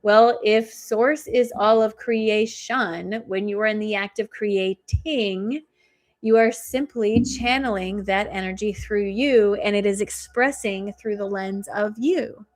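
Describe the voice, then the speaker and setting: A woman hosting a live stream, giving spiritual oracle card readings and chatting with viewers in a fast, soothing way. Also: medium pitch. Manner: talks fast. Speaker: intuitive reader and coach, live stream host.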